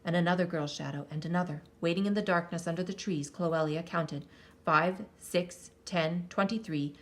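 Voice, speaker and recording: Expressive woman reading a story. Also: lowish voice. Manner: expressive, lingering on counts and sound words. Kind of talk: reading a children's story aloud.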